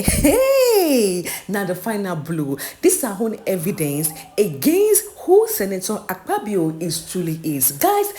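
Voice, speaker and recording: Nigerian woman host, excitable channel intro, voice swoops up and down a lot. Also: medium pitch. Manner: dramatic, hyped-up, uses pidgin. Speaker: YouTube gist channel host.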